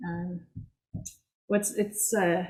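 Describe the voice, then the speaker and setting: A woman's voice: fairly low pitch, level tone, very slow, darkish tone, poor audio. A woman who directs a museum, talking casually to a hobby club meeting, chatty and self-mocking with frequent laughs.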